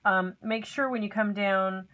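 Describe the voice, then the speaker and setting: A woman's voice: medium pitch, fairly even intonation, unhurried, fairly bright tone, rough recording. A middle-aged woman giving a casual, step-by-step craft lesson at her desk at home, chatty and homey with frequent ums and asides. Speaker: craft tutorial host.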